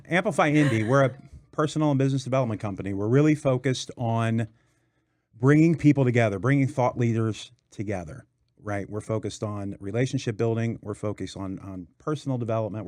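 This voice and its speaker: Enthusiastic man pitching his company. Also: dry recording, studio quality. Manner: energetic, enthusiastic, promotional. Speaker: guest, company founder. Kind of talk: casual studio interview. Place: studio.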